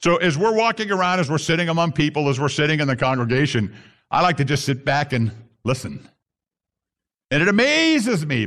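A man's voice: fairly high pitch, sing-song, a little fast, a bit bright. A man preaching a sermon to his congregation, reading scripture and acting out the grumbling voices. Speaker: pastor.

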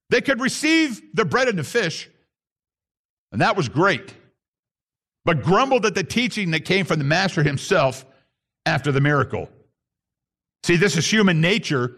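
A man's voice: sits high, sing-song, normal speed, pauses often, fairly bright tone. A man preaching a sermon to his congregation, reading scripture and acting out the grumbling voices. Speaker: pastor.

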